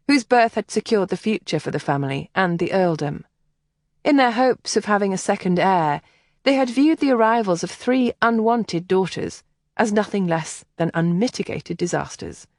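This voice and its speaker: A woman narrating a historical romance audiobook in an expressive storytelling manner, recorded on a close mic. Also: fairly low pitch, dry recording. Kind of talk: scripted narration.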